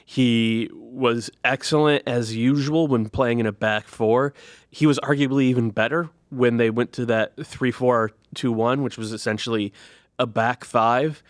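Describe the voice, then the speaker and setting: Measured man breaking down soccer tactics. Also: medium pitch, fairly even intonation, no room sound, studio quality. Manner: measured, explains tactics step by step. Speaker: podcast co-host and analyst. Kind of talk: casual sports analysis.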